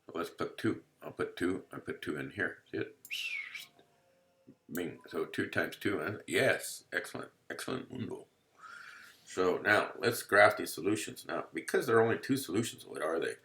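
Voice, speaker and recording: This man teaches math from home in a casual screen-recorded lecture, playful and jokey, often asking his listeners "you see?" His deep voice is expressive with a sharp tone, and he speaks at normal speed with few pauses.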